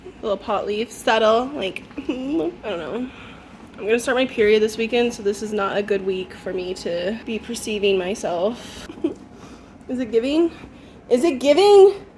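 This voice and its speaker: A woman's voice: fairly high pitch, moderate pace, a little mellow, slight background noise. Chatty, nervous young woman vlogging. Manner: chatty, self-deprecating, swears casually. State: nervous before a job interview. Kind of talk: casual vlog chat to camera. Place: at home.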